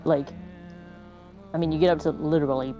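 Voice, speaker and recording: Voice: medium pitch, steady tone, a little fast, music in the background, low-quality recording. A co-streamer in casual live chat, talking in a rambling way with lots of hedging. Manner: rambling, laughs often, hedging.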